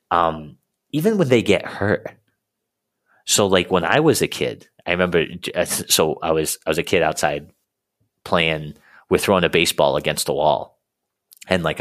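Low-voiced man rambling with fillers. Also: fairly bright tone. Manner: rambling, many fillers and restarts. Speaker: coaching client. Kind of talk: casual conversation.

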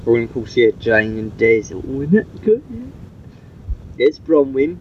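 A man's voice: mid-range voice, very animated, unhurried. A man talks his way through a homemade cassette message, rambling and padding with fillers. The sound is dull and muffled, with a light hiss under it. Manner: rambling, chatty, with many fillers. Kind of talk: recorded cassette tape message.

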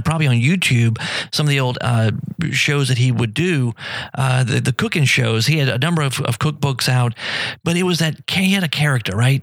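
Middle-aged male radio host, gravelly, dry studio sound, loose rambling chat. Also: medium pitch, dry recording. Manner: rambling, friendly, many fillers and restarts. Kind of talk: casual live radio talk.

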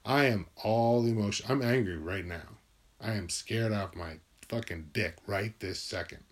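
A man's voice: fairly low pitch, normal speed. A man talking alone in his room in a rambling, musing monologue, swearing freely as he goes. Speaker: vlogger.

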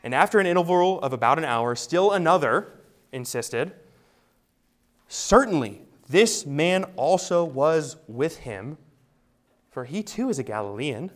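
Emphatic male preacher, slightly high voice. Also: big pitch swings, measured pace. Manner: emphatic, expository preaching with rhetorical questions. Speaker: pastor. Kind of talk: sermon.

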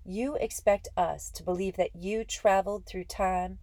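A woman's voice: medium pitch, fairly even intonation, measured pace, a little mellow, dry recording, pitched above the performer's own voice, natural voice. A woman reading the part of a stern, weary young mother in an audiobook, speaking seriously. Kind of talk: audiobook character voice.

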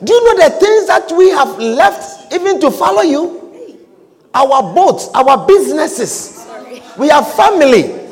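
A preacher acts out a high-voiced, indignant male disciple who scolds his teacher in a lively, swooping voice. The scolding rings out through a long echoing hall. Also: moderate pace. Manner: pleading then indignant rebuke.

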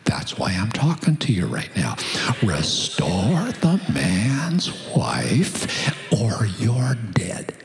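A preacher voicing a blunt, stern deity. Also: male voice, deep voice, huge pitch swings, moderate pace, hardly any pauses, a little mellow, in a whisper, soft background music, heavily acted. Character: stern divine being issuing warnings.

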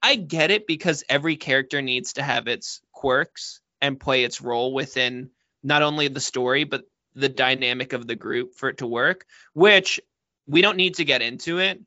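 Man, podcast co-host: bright, slightly high voice, opinionated rants, dry muffled mic. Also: no room sound. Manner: animated, opinionated, talks fast with many fillers. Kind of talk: casual film-discussion chat.

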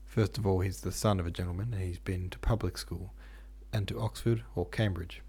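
A man's voice: deep voice, steady tone, a little fast, dark tone, breathy edge. A man reading a touchy, earnest young Englishman. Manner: earnest, easily offended.

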